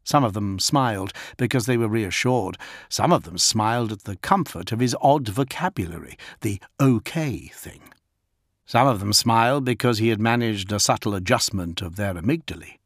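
A man reading scripted audiobook narration in a measured, expressive way. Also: on the low side, no echo, studio quality.

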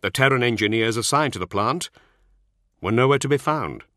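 A man voicing a stern, earnest warrior-monk who argues his case in a measured, insistent way. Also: medium pitch, animated, fairly bright tone, no room sound, studio quality, pitched above the performer's own voice, lightly acted. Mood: explaining.

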